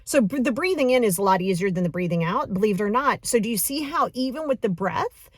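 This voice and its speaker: A woman coaching a breathing exercise in a casual, encouraging, chatty way, counting slowly. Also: fairly high pitch, lively intonation, no echo, clean studio sound. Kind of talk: casual guided breathing lesson.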